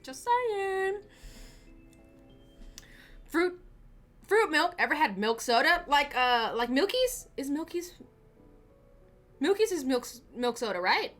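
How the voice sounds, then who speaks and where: A woman's voice: sits high, very animated, slow, pauses often, a bit bright, soft background music. A woman hosting a casual livestream from a small home studio, chatting in a rambling way with frequent restarts and laughs. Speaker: livestream host. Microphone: desk camera mic.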